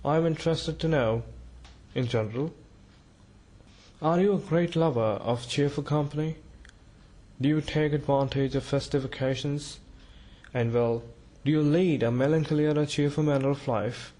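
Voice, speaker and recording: A man reading a storybook, voicing a grave, probing male doctor who speaks deliberately, with grunted pauses. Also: fairly high pitch, mellow, close to an everyday voice. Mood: insistent.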